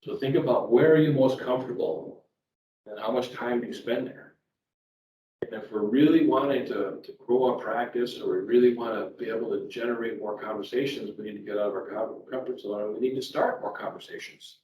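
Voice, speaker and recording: A man's voice: medium pitch, fairly quick, warm tone. Middle-aged guy, sales trainer telling stories, roomy echo, faint hum behind. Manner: conversational, repeats words, tells personal stories. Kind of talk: live seminar talk. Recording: echoey room, distant mic, faint background ambience.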